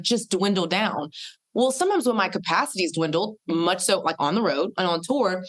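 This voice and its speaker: A woman in her thirties, a podcast guest telling stories in an animated, casual way and acting out the people she quotes. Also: mid-range voice. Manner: lively, uses voices for quoted people. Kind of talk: animated storytelling in casual conversation.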